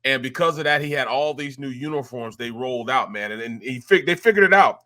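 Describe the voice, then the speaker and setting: A man's voice: mid-range voice, brisk, bright, forceful tone. A man from St. Louis hosting casual sports talk, laid-back and rambling. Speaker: host.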